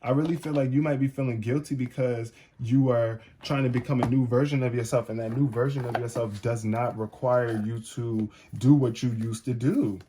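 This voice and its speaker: A man's voice: medium pitch, fairly even intonation, moderate pace, hardly any pauses, warm tone, a little hiss or hum. A man giving a casual tarot reading to camera. He talks straight to the viewer and often says "it's like". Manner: casual, repeats "it's like", addresses the viewer directly. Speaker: tarot reader.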